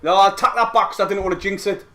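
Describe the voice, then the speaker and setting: Young lad with a high voice, streaming live football reactions and swinging between yells and quiet chat-reading. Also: male voice, quick pace. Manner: excitable, shouting and swearing at goals, then quietly reading chat.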